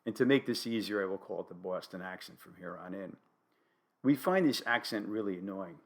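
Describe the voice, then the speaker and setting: An older man from New Haven, Connecticut, with a New England accent, hosting a solo podcast with dry, wry, deadpan humor. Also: deep voice, brisk. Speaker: podcast host.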